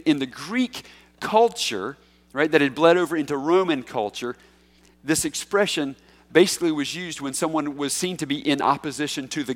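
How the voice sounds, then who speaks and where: Emphatic preacher in a reverberant hall. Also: male voice, a little high. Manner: emphatic, rises to loud peaks when quoting scripture. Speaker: pastor. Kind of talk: expository sermon.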